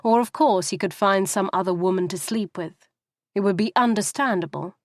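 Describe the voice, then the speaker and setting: A woman narrating a novel in a steady, even storytelling manner, close to the microphone. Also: medium pitch, moderate pace, dry recording. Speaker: audiobook narrator.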